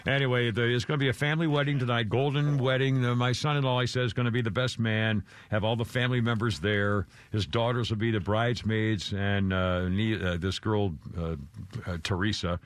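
A man's voice: lowish voice, fairly even intonation, a little fast, no room sound. An older man hosting a talk radio show, rambling through gossip with wry, self-deprecating humor. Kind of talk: casual talk radio chat.

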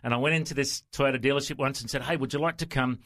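A man's voice: mid-range voice, steady tone, fast talker, fairly bright tone. Chatty radio host, man. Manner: chatty storyteller, acts out voices in anecdotes. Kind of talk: casual radio chat.

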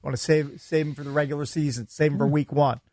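Slightly high-voiced sports talk host. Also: male voice, steady tone, a little mellow, dry recording, studio quality. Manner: brisk, steers the segments and teases what comes next.

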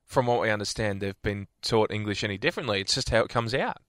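A man's voice: fairly low pitch, fast talker, fairly bright tone, no room sound, studio quality. A man co-hosting a radio show, joking playfully in casual chat. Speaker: radio co-host.

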